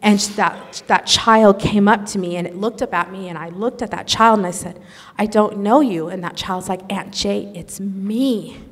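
A woman telling an emotional religious testimony in an earnest, animated storytelling manner. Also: medium pitch, moderate pace. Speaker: speaker sharing a testimony. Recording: echoey hall.

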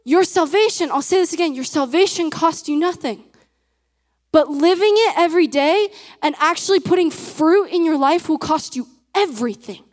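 A woman's voice: very high voice, lively intonation, moderate pace, long reverb tail. A woman giving an earnest, emphatic sermon to a live audience and asking them questions. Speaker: preacher.

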